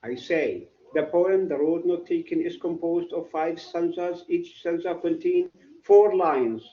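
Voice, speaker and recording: Slow, male teacher in echoey classroom. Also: on the high side, dull audio. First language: Arabic. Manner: repetitive, quizzes students with "what?". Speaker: English literature teacher. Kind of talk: classroom lecture.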